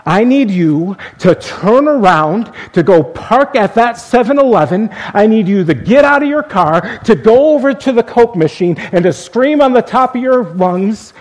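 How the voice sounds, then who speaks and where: A man's voice: high voice, animated, moderate pace, hardly any pauses, long reverb tail, voice pushed up. A man voicing the commanding voice of God in a sermon story, insistent and emphatic. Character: commanding divine voice speaking to a man.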